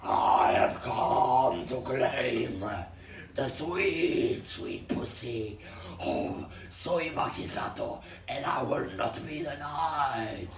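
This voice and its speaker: A man putting on a monstrous brute of a villain who stretches out his threats in slow, booming declarations. The voice is gravelly and heard from off mic in an echoey room. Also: big pitch swings, recorded from a distance, full character voice. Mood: grandiose. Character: huge brutal brothel-raiding male villain.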